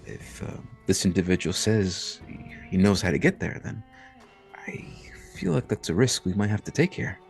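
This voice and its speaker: A weary old man, flustered and plainspoken, stumbles through his words with halting pauses, as a man puts him on. The voice sits very low and deep, with faint music playing somewhere behind it. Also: big pitch swings, creaky, exaggerated voice. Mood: hesitant. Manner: rambling with halting fillers.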